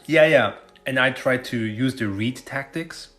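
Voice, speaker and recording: A man's voice: mid-range voice, a little slow, a bit bright, faint music behind. A man telling a story in a loose, casual monologue, full of fillers and swearing. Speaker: finance content creator.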